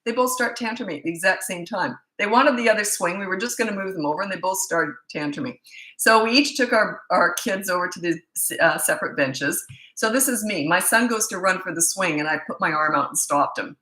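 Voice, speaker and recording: Woman, parenting coach, blunt and emphatic, bright forceful voice, roomy echo. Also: fairly low pitch, brisk. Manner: emphatic, blunt, repeats points for stress. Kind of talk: casual advice monologue.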